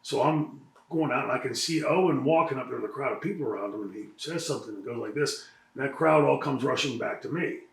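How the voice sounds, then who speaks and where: A man in a shoot interview, telling profane road stories in an animated way and acting out what others said. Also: mid-range voice, fast, vocal fry, reverberant, rough recording. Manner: animated, profane anecdotes with quoted voices and laughter.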